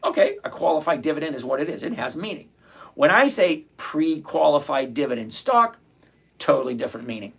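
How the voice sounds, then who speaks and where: A man's voice: on the high side, big pitch swings, brisk, creaky, breathy edge. A man hosting a live trading stream, answering chat and repeating his points emphatically. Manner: emphatic, repeats key phrases, lectures; reads viewer comments aloud. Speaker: livestream trading host.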